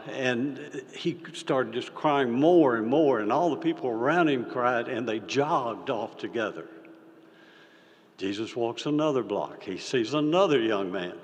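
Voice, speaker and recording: An older man giving a folksy, halting speech as a state senator, with many fillers and restarts. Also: medium pitch. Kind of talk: folksy speech with a told story. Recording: reverberant hall.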